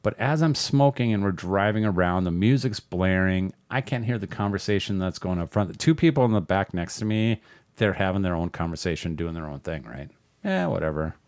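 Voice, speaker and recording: A man's voice: low-pitched, animated, brisk, a little mellow, no room sound. A man, a podcast guest, telling a rambling, profane story in a casual way and laughing often.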